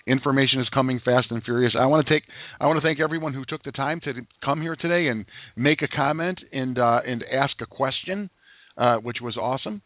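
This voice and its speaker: A man's voice: medium pitch, dry recording. A man hosting a call-in broadcast, telling stories in a rambling, folksy way with many restarts, heard over a tinny, dry phone line. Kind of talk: casual talk to callers.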